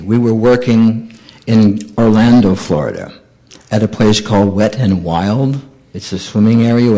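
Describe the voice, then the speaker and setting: A man with a low voice tells stories to a congregation, his pitch leaping about as he acts out each person he quotes. His speech swings widely and expressively from line to line. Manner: animated storyteller acting out dialogue. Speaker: monk giving a talk. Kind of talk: storytelling sermon.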